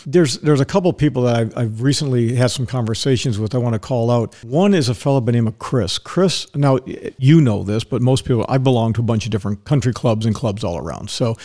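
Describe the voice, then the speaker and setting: Mellow-voiced man telling rambling stories. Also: medium pitch, quick pace, few pauses. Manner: rambling, anecdotal storytelling. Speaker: podcast host. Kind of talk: casual chat.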